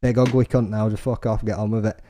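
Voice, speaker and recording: A young man hosting a podcast, telling sweary, animated stories in casual chat. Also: fairly low pitch, quick pace, crowd noise. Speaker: podcast host.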